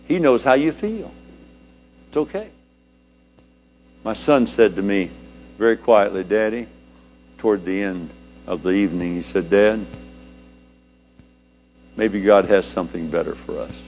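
An older man, a preacher, telling a personal story in a sermon, his voice climbing high with feeling and dropping low and quiet.

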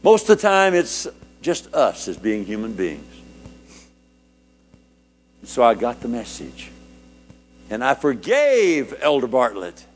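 Older preacher telling a story, rising and falling. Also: male voice, slow, long pauses, soft background music. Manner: animated storytelling, voice rising high then dropping low. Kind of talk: sermon with personal story.

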